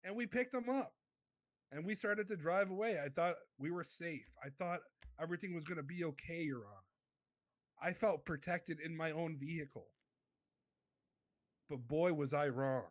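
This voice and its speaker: A man's voice: on the high side, moderate pace, pauses often, dry recording, natural voice. A man playing a small-time crook who testifies in a roleplay court, earnest and rambling, forever turning back to the judge. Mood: pleading.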